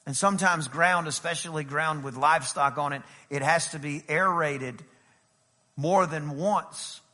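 A middle-aged man preaching a sermon as pastor, emphatic and swinging from loud declarations to low, intimate asides. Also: measured pace. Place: church sanctuary. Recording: long hall reverb in a church.

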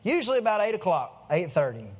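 A man's voice: sits high, sing-song, quick pace. A man, a pastor in his thirties preaching a sermon in a folksy storytelling way. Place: church sanctuary.

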